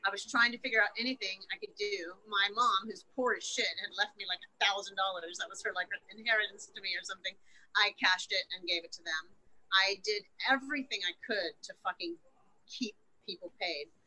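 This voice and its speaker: A woman's voice: medium pitch, a little fast, bright, forceful tone, low-quality recording. A woman guest in an interview, recounting a personal story frankly, emotionally and with plenty of swearing. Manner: frank and profane, emotional retelling.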